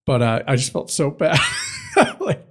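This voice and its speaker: A man's voice: medium pitch, huge pitch swings, unhurried. Rambling young man chatting. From United States. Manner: rambling, loses his train of thought, swears casually. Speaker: podcast co-host. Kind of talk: casual chat.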